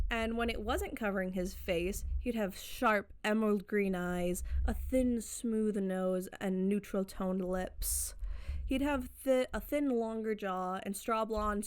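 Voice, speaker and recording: A woman narrating a casual commentary video essay, chatty and digressive with playful sarcasm. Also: medium pitch. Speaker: commentary YouTuber.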